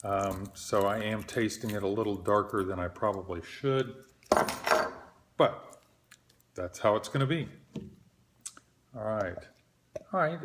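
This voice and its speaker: Middle-aged guy doing a solo beer review, lowish voice, slow and hesitant, lots of ums and uhs. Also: noisy background. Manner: unhurried, hesitant, many fillers, self-deprecating. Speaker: beer reviewer, show host.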